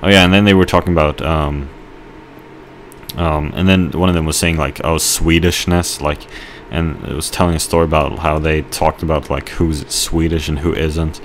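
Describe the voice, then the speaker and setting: A man giving rambling let's play commentary, telling a halting story with mock outrage while he plays. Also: very deep voice, level tone, slight background noise. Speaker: gamer.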